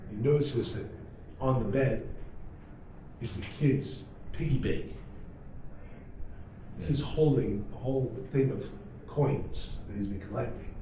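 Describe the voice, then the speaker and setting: A male rabbi teaching a class to students, energetic and humorous, telling stories and firing off rhetorical questions. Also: mid-range voice, slow pace, long pauses. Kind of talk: lively classroom lecture with storytelling. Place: large study hall. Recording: very echoey hall, mic far off, faint noise.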